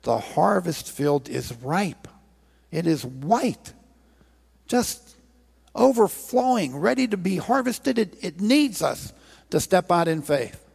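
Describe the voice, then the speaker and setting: Earnest preacher in an echoing hall. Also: male voice, high voice, big pitch swings, slow pace, vocal fry, darkish tone, husky. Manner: earnest, pleading, retells scripture with quoted voices. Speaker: pastor. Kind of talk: sermon. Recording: long reverb of a large hall.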